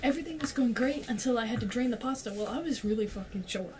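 A woman's voice: on the high side, animated, quick pace, a little mellow. A young woman telling a rambling story to friends in casual chat, full of "like" and casual swearing. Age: young adult. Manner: rambling, peppered with "like", swears freely.

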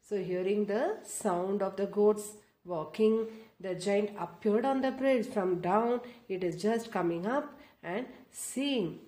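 A woman reading a children's story aloud, slowly explaining the pictures and asking the children questions. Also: mid-range voice, dark tone.

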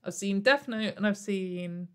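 A woman's voice: medium pitch, unhurried, a bit bright, clean tone. A young woman YouTuber talking sarcastically to camera in a casual commentary, rambling with many fillers and frequent laughs. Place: at home in front of a camera.

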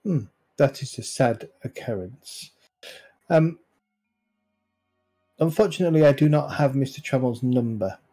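A burly gatekeeper with a Mexican accent, given voice by a man in a tabletop game. He keeps a stiff, formal politeness that carries a quiet threat. The voice is mellow and dark, and the delivery is slow. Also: mid-range voice, breathy edge, soft background music. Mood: cold polite. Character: big burly male gatekeeper, coolly polite and menacing.

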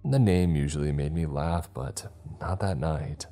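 A man narrating a scripted horror story in a slow, ominous manner. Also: rumbling low, dark tone, faint music behind.

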